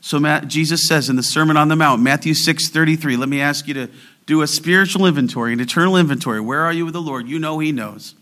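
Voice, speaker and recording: A male pastor delivering a sermon with a bright, forward voice. He sinks into quiet, low asides, then climbs into raised, drawn-out declarations, and he reads scripture at a slow, deliberate pace. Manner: quotes scripture slowly and deliberately.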